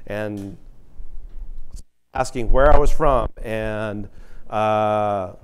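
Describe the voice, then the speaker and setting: A man's voice: lowish voice, very slow, clear, resonant tone, rough recording. Conversational middle-aged man from Texas. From San Antonio, Texas. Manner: conversational, anecdotal, asks the audience questions. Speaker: workshop presenter. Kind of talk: interactive diversity workshop talk.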